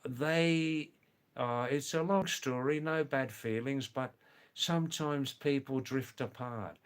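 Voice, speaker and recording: An older man chatting slowly and rambling on a live stream, answering viewers by name. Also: medium pitch, smooth. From lives in the Himalayas of northern India. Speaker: livestream host.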